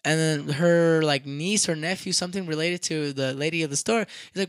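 A young man casually telling a rowdy story, profane and animated, acting out what people said. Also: on the high side, fairly quick, few pauses, no room sound. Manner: animated, profane, acts out quotes loudly.

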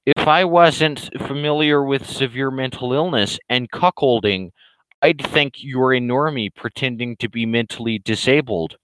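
A man voicing a belligerent, loudmouthed male internet troll in a higher, louder, slow and drawn-out ranting voice. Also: smooth, no echo, lightly acted, low-quality recording. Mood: mocking rant. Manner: ranting, insulting, drawn-out emphatic delivery.

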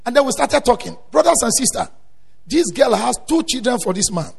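A male preacher delivering a sermon, swinging between quiet storytelling and loud emphatic exhortation. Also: very high voice, lively intonation, fairly quick, creaky, breathy edge. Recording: long hall reverb.

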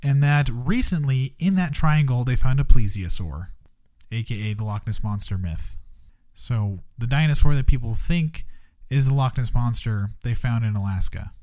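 A woman's voice: a bass voice, normal speed, dark tone. A woman co-hosting a casual podcast chat, joking and swearing freely. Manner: joking, swears freely, jumps into silly voices. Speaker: podcast co-host.

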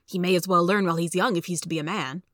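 Gruff bullying storybook dad, scornful; woman reader puts him on. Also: lowish voice, fairly even intonation, fast talker, fairly bright tone, no echo, studio quality, lightly acted. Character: gruff, bullying working-class father.

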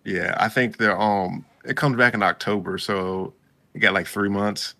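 A man with a very low, gravelly voice and a bright, forward edge, talking in an easygoing way. He chats casually as a co-host, slipping into characters' lines as he recaps. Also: steady tone, moderate pace. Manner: laid-back, acts out characters' lines while recapping. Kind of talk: casual chat.

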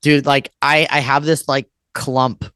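This thirty-something guest on a casual podcast wanders between memories, swearing a lot and filling gaps with "like." He speaks at a measured pace with a level, medium-pitched voice that is bright, forceful, clear and resonant. The sound is dry and close, without any room ambience.

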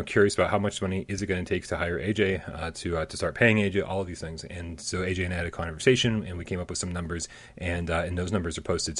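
A man co-hosting a casual gaming news show, joking, laughing often and talking loosely with many fillers. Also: low voice. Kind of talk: casual chat.

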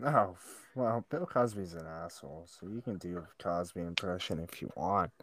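A man's voice: low voice, normal speed, fairly bright tone, no echo, clean studio sound. A young man co-hosting a casual chat with friends, joking, swearing freely and laughing often. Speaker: podcast co-host.

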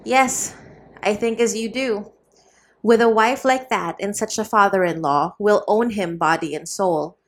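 A woman's voice: medium pitch, natural voice. A woman reading as a weary, sick old friar. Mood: scheming. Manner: weary, slow, sighing. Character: sick, aged, gloomy male friar.

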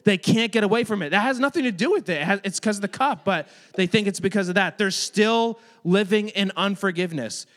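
A youth pastor with a notably high voice teaches a group of children in a loose, chatty way. He jokes often and fills his sentences with "like". He keeps the room in order as he goes. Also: brisk, few pauses, fairly bright tone. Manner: chatty, joking, many filler "like"s; addresses and manages kids in the room. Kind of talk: casual youth sermon.

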